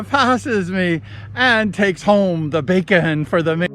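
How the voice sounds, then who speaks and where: A high-voiced vlogger from Southern California slowly recounts his racing days. His casual storytelling is rambling and excited, full of quoted voices.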